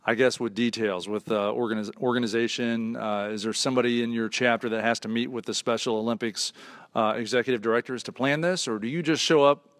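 A man's voice: medium pitch, fairly even intonation, brisk, fairly bright tone, dry recording, clean studio sound. A man hosting a talk show, asking rambling questions and joking with his guests. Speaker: radio show host. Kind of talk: casual interview.

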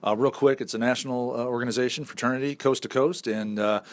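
A man hosts a casual interview in an upbeat, chatty way with a Northern US accent, often pausing on fillers. His mid-pitched voice sounds dry and close, with little room sound. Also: fairly even intonation, dry recording. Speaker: show host.

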